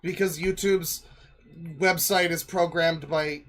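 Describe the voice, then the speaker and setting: A man's voice: fairly high pitch, steady tone, slow pace, a bit bright. A male streamer giving casual, rambling reaction commentary full of jokes and fillers. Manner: rambling, joking, many fillers.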